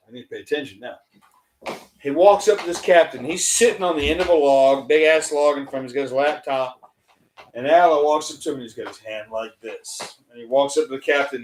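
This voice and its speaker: A man hosting a podcast, telling a crude army story in a profane, animated way. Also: medium pitch, roomy sound, slight background noise, rough recording. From United States. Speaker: podcast host. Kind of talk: casual podcast chat, storytelling.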